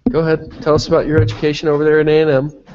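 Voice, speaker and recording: A man with a slightly nasal voice hosts a casual live interview, cracking jokes and firing off quick follow-up questions. The mobile broadcast sound is a little dull and lo-fi. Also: a little high, level tone, background noise. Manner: chatty, joking, asks quick follow-ups. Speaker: interviewer and host.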